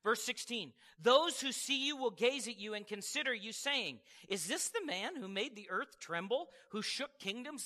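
A man's voice: very high-pitched, sharp tone, long reverb tail. A man preaching a sermon, reading scripture and talking it through in a conversational, emphatic way, often checking in with his listeners. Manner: conversational, emphatic preaching with frequent call-outs to the congregation.

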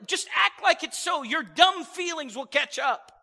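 A man delivers an energetic sermon to his congregation, teasing and acting out the voices of people he quotes. His voice sits high and rings bright. The sound carries the long reverb of a church hall. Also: moderate pace, vocal fry. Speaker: preacher.

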